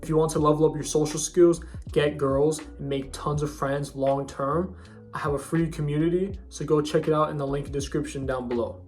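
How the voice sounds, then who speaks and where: Young guy, slangy bro advice vlogger, slightly high voice, faint music behind. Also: steady tone, normal speed, a little mellow. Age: young adult. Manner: bro-ish slang with frequent restarts. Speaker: self-improvement vlogger. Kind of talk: casual advice monologue.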